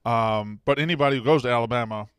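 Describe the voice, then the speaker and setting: A man's voice: medium pitch, quick pace, a bit bright, smooth, no echo. A man hosting a sports call-in show, brash and joking as he takes callers. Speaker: radio show host taking calls.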